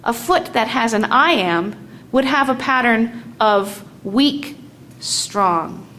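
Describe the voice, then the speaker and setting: A woman with a fairly high voice explains poetic meter in a slow, measured lesson, sounding out the strong and weak beats one by one. A faint hiss of background noise sits under her voice. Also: a bit bright. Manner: slow and deliberate, tapping out stresses aloud. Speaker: teacher.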